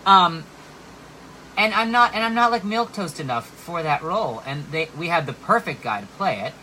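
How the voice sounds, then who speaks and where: A man's voice: fairly high pitch, normal speed, slight background noise, rough recording. A man who is a drag performer, chatting casually and playfully backstage at a bar, now and then breaking into song. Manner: animated and playful, bursts into song.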